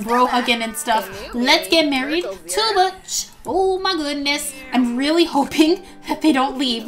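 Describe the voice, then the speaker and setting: A gaming YouTuber narrates her gameplay in an excited let's-play, her high, bright voice bubbly and gushing. She gasps and squeals at each moment, tossing in quick quoted character asides while faint music plays underneath.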